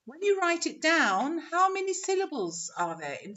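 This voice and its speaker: A woman teacher trainer leading an online webinar, encouraging and modeling pronunciation slowly. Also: very high-pitched, very animated, a bit bright. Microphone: video call. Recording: dull lo-fi webinar audio.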